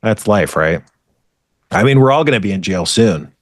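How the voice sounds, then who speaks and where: A man's voice: on the low side, animated, normal speed, no echo, clean studio sound. A man co-hosting a podcast, ranting in a rambling, profane, exasperated way in casual chat. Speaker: podcast co-host.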